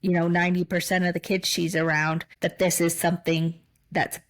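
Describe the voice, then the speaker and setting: A woman with a lowish voice co-hosts a conversational podcast. She speaks reflectively, circles back on her words, and gets emotional as she talks. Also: little pitch movement, a little fast, poor audio. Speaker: podcast co-host.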